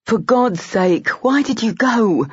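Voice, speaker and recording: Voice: medium pitch, lively intonation, moderate pace, slightly rough, no room sound, lo-fi sound. An audiobook narrator voicing a brooding, protective aristocratic man who bursts into agitated questions. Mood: exasperated.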